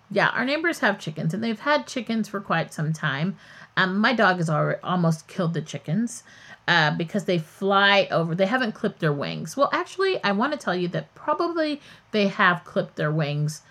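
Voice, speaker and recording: Woman podcast host, casual storytelling, candid and chatty, pitch swings widely, wanders off on tangents. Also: a bit bright.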